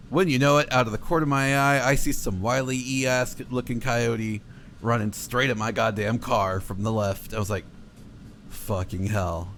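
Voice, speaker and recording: A man's voice: medium pitch, a little hiss or hum. Profane young man telling a road story. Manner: profane, animated, acts out his own shouts. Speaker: podcast co-host telling a story. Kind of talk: casual storytelling chat.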